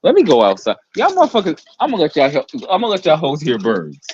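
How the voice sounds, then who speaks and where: New York man, casual co-host, brash and profane, lively pitch, muffled headset sound. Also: fast talker, slightly rough. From New York City. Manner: brash, profane and theatrical, with high cackling laughs. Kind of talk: casual chat. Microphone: Bluetooth headphones.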